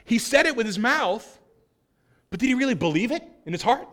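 A male pastor preaching a sermon, acting out quoted voices and swinging from loud outbursts to hushed lines. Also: very high voice, big pitch swings, a little fast.

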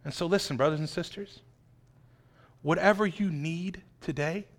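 A man preaching a sermon, dramatic, swinging between loud emphasis and hushed, quiet lines. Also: a little high, moderate pace. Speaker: pastor.

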